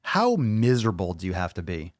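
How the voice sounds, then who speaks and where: A man hosting a podcast, ranting angrily and mockingly with lots of swearing, jumping loud and high for emphasis. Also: huge pitch swings, brisk, dry recording, studio quality. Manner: profane, angry, mocking. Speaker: podcast host. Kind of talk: ranting solo commentary.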